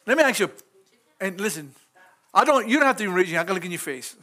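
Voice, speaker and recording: A man's voice: high voice, big pitch swings, fast, bright, forceful tone. A middle-aged man, a pastor, preaching an informal sermon in church, folksy and chuckling as he talks straight to the congregation.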